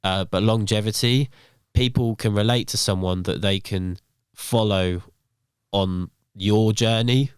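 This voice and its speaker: A man's voice: on the low side, steady tone, measured pace, smooth, dry recording, clean studio sound. A young man telling stories on a podcast as the guest, with lots of fillers like "um" and "like". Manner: rambling, filler-heavy storytelling. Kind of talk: casual podcast chat.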